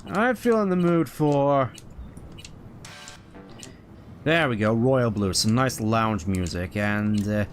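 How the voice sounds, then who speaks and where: A man streaming a video game, rambling in casual commentary and reading item names aloud. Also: medium pitch.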